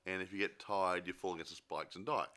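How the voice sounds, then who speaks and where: A man's voice: low-pitched, fairly even intonation, fast talker, sharp tone. A man co-hosting a film review podcast, chatting casually with jokey asides and many restarts. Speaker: podcast co-host.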